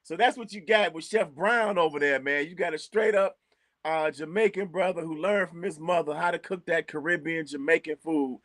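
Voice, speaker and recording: A man with a Chicago accent chatting casually as co-host, animated, repeating words and laughing often. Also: on the high side, moderate pace, dry recording, clean studio sound. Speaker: co-host recommending local restaurants. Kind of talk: casual chat.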